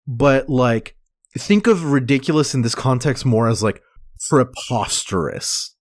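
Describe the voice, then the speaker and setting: A man's voice: mid-range voice, lively intonation, moderate pace, no room sound. A man with a mid-range voice co-hosts a casual comic review podcast. He talks in loose, rambling sentences full of "like" and "dude". The sound is dry and close. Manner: chatty, heavy use of "like" and "dude". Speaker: podcast co-host.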